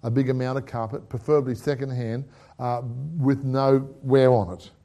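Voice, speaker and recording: A man's voice: medium pitch, moderate pace. A middle-aged Australian man preaching a testimony, telling a story with acted-out dialogue and laughter. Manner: animated storyteller who acts out dialogue and laughs.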